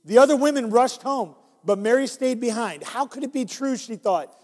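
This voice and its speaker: This is a man with a very high-pitched voice, reading at a moderate pace. As the children's minister, he animatedly works through an interactive Bible story and urges them to join in, all in a space with long hall reverb.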